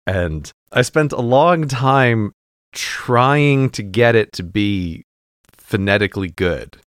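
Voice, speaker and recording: An American man chatting casually on a podcast, animated and laughing often. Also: medium pitch, slow pace, clean tone, no room sound, clean studio sound. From United States.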